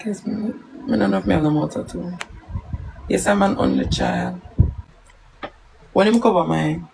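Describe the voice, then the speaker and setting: A Jamaican woman hosts a casual live stream. She talks to her viewers and tells stories in patois, with a gravelly, fry-laden voice. A faint hiss of noise sits under the recording. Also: fairly low pitch, huge pitch swings, normal speed, a little mellow, low-quality recording.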